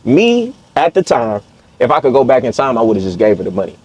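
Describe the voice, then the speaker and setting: A man from Las Vegas hosting a podcast, telling stories in a blunt, slangy, animated way over a close mic. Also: mid-range voice, fast talker, breathy edge. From Las Vegas, USA. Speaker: podcast host. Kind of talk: casual interview chat.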